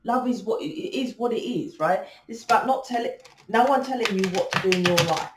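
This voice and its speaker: A woman's voice: a little high, brisk, reverberant, heavy background noise. A woman hosting a spiritual channel, talking casually and rambling with many restarts and fillers. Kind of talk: casual spiritual talk to camera.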